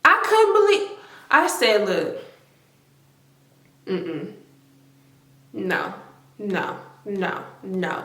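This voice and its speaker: A woman in her twenties telling a story to her viewers, animated and emphatic, with lots of swearing. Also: high-pitched. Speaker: vlogger. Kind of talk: casual storytime. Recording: roomy echo.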